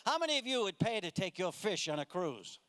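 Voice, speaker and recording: A man's voice: sits high, sing-song, brisk, fairly bright tone, slight background noise. Exasperated stand-up comedian, man. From United States. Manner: exasperated, mocking, acts out voices of people in his jokes. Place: comedy club stage with a live audience.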